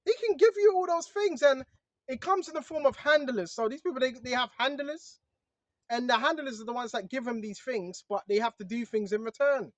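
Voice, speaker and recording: A man's voice: extremely high pitch, a little fast, no room sound, lo-fi sound. A man giving a casual religious monologue to his viewers, talking conversationally and often tossing in "bro" and "right?". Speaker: online preacher.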